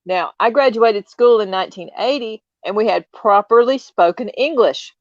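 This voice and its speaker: A woman's voice: mid-range voice, normal speed, no echo. A woman in her fifties with a light Southern US accent, chatting in an opinionated, emphatic way and repeating points for stress. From United States. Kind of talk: casual chat on a livestream. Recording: slightly dull lo-fi audio.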